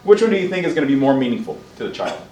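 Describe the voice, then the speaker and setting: A man lecturing a college class in a lively, animated way, acting out parents and children in quick asides. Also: mid-range voice, a little hiss or hum. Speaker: college instructor. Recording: roomy classroom heard from a distance.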